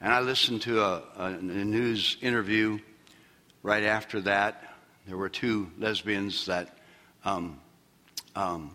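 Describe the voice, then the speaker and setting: A man preaching a sermon as pastor, swinging from shouted peaks down to low, quiet asides. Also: big-room sound. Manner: preaching with loud shouted peaks and sudden drops.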